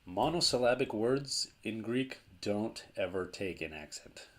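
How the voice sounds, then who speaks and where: A man's voice: fairly low pitch, lively intonation, a little slow, fairly bright tone. A man teaching a language lesson in a patient, explanatory way, repeating key points for emphasis.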